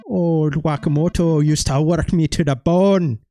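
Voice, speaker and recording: A man's voice: on the high side, measured pace, warm tone, faint music behind. A man voicing a veteran male wrestler in a put-on Irish accent that slides into Scottish, reading game dialogue with exaggeration. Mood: gruff. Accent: put-on Irish drifting into Scottish. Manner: exaggerated, self-mocking read of game dialogue.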